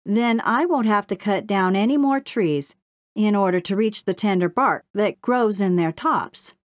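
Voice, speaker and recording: A woman's voice: medium pitch, measured pace, no room sound, clean studio sound, voice pushed up, lightly acted. A woman voicing a curious, anxious young male beaver in a storybook reading.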